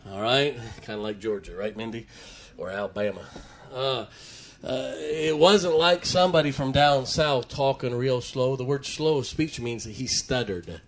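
A middle-aged preacher delivers a sermon in a church, telling homespun stories in a folksy drawl. His voice sits at an ordinary male pitch. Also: normal speed. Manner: folksy storytelling preacher, mimics stuttering. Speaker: pastor.

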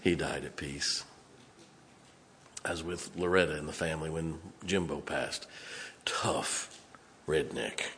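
A middle-aged man preaching a storytelling sermon in a church, folksy, swinging from loud to hushed. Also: extremely low pitch, slow, vocal fry, a little hiss or hum. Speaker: pastor. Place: church sanctuary.

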